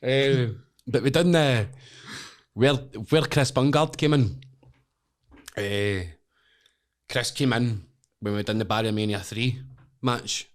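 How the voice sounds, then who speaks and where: A man's voice: medium pitch, slow pace, long pauses. A Scottish man, a wrestler guest on a podcast, telling stories in casual chat, swearing a lot and laughing through them.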